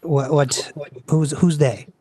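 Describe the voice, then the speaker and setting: A man's voice: fairly high pitch, steady tone, slow pace, dark tone, no echo. A man playing a tabletop game casually, rambling and interrupting himself. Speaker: player.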